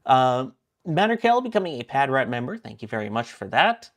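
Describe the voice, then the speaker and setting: A man's voice: medium pitch, very animated, fairly quick. Joking man with a New York accent. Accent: New York area. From New Jersey, US. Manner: joking, reads out viewer purchases. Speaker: livestream host. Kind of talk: casual chat.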